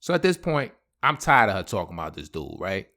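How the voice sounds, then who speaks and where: Man, podcast host, comic storytelling, slangy, wildly swinging pitch. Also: fairly quick. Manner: animated, slangy, laughing asides. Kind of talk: comedic storytelling.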